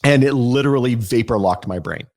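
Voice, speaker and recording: A man's voice: mid-range voice, fairly quick, darkish tone. Wry, self-deprecating podcast co-host man. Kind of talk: casual chat.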